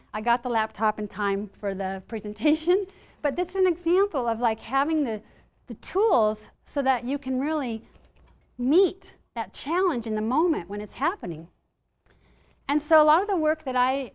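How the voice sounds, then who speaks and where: A middle-aged woman speaks to a live audience about stress, her voice set a little high. She talks with animated energy and slips into acted-out panicked and calm inner voices to make her points. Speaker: speaker at a wellness talk.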